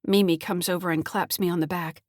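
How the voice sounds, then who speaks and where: A woman author reading her own mystery thriller as an audiobook, telling it in a steady, clear way. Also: fairly low pitch, fairly quick, dry recording, clean studio sound. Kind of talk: scripted audiobook narration.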